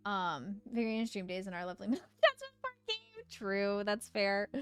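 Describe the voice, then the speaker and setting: A young woman chatting casually on a live game stream, bubbly and giggly as she reads chat aloud. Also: mid-range voice.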